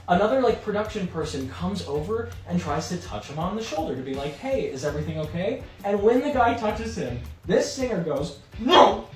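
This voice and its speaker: A man in his thirties telling a story in a casual, animated way and acting out the scenes. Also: high-pitched. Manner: animated, acts out the scenes he describes.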